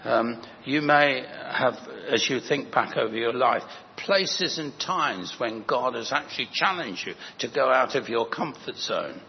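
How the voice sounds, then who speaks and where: An older man preaching a sermon as a parish priest, gentle and anecdotal, with rambling restarts. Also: mid-range voice, animated, unhurried, gravelly, few pauses. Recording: echoey hall, dull lo-fi sound, faint noise.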